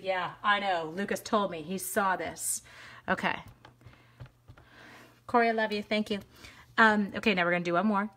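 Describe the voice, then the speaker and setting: A woman's voice: mid-range voice, a bit bright. A woman demonstrating card stamping live, talking each step through in a chatty, bubbly way and addressing viewers by name. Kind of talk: casual live crafting demo.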